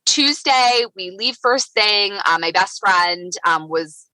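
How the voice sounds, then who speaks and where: A woman's voice: mid-range voice, expressive, slow, bright, forceful tone, no room sound, poor audio. A woman in her thirties from Chicago, a podcast guest telling a personal story in a chatty way, often saying "like". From Chicago, USA. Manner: chatty, heavy use of "like".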